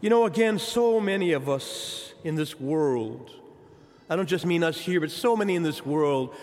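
Impassioned preacher with ringing church reverb. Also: male voice, a little high, lively intonation, moderate pace, darkish tone. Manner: impassioned preaching, addresses the congregation directly. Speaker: pastor. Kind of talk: sermon. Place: church sanctuary.

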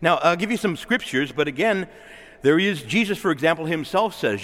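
A man, a priest, preaching an urgent, emphatic sermon full of rhetorical questions, and he calls himself a loudmouth. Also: on the high side, lively intonation, normal speed, long reverb tail. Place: church.

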